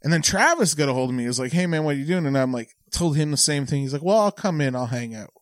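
A man's voice: mid-range voice, lively intonation, very fast, no room sound, studio quality. A man, a stand-up comedian, chatting casually on a podcast after a few drinks, rambling with lots of filler words and swearing. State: tipsy.

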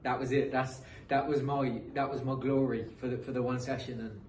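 A man's voice: mid-range voice, little pitch movement, moderate pace, darkish tone. An earnest British man in his thirties tells his football story in a loose, conversational way, restarting phrases as he goes. He sits a little back from the mic in an echoey room with a faint hiss behind him. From England. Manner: earnest, motivational, frequent restarts. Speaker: guest, professional footballer. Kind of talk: casual interview storytelling. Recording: roomy echo, distant mic, faint noise.

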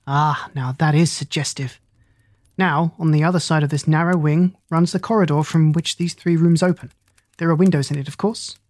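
An audiobook reader voicing a calm, precise Victorian detective who speaks in a formal, measured way. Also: medium pitch, dry recording, natural voice. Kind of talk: audiobook reading.

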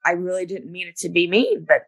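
A middle-aged woman with a somewhat low voice co-hosts a casual podcast. She recaps scenes one beat at a time, leaning on "you know" and "like" as she goes. The talk is relaxed and conversational. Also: a little fast. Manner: recaps events step by step with many "you know" fillers. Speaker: podcast co-host.

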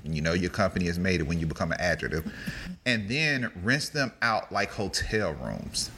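A man co-hosting a casual news talk show, animated and joking, with plenty of slang. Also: low-pitched, moderate pace, slight background noise. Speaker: podcast co-host.

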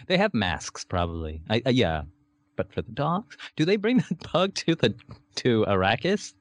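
A man's voice: mid-range voice, big pitch swings, moderate pace, no room sound, clean studio sound. A man co-hosting a casual podcast while watching a movie, laughing often and joking around. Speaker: podcast co-host.

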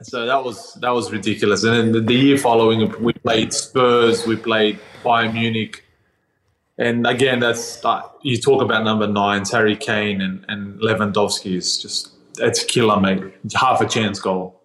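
A young Australian man, a footballer guest, telling lively stories with laughs and slang over a remote call. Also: lowish voice, normal speed. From Sydney, Australia. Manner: animated, laughing, slangy with "mate" and "bro". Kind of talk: casual storytelling interview.

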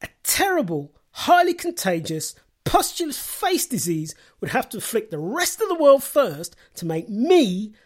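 Wry self-mocking comedian, lively pitch. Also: male voice, a little slow, few pauses. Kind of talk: comedy podcast monologue.

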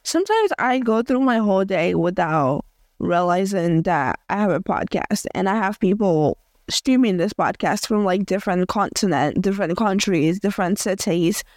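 A woman's voice: medium pitch, animated, normal speed, darkish tone, dry recording, studio quality. A young woman from Africa hosting a casual audio journal podcast, chatty and rambling with many fillers and restarts. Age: young adult. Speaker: podcast host.

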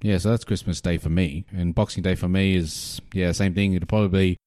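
A man's voice: deep voice, fairly even intonation, brisk, a little mellow, no echo, clean studio sound. An Australian man co-hosting a casual podcast chat, easygoing and agreeable. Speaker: podcast co-host.

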